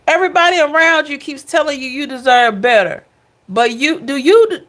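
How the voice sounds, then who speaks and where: A woman's voice: high-pitched, lively intonation, normal speed, a bit bright. A woman giving a casual tarot reading, chatty, blunt and playful, speaking straight to her viewers. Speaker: tarot reader.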